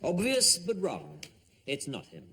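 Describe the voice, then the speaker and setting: Sardonic officer, cutting and deliberate. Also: male voice, fairly high pitch, wildly swooping pitch, sharp tone, full character voice. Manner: dry, sarcastic, deliberate. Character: sardonic English army captain, dry and cutting. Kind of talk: TV sitcom acting.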